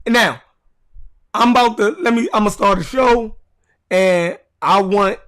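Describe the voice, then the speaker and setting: A man's voice: sits high, unhurried, fairly bright tone. A man with a Baltimore accent hosting a podcast, talking casually and bluntly to his live chat, cursing and repeating himself for emphasis. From Baltimore, USA. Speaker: podcast host. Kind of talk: casual livestream talk to a chat.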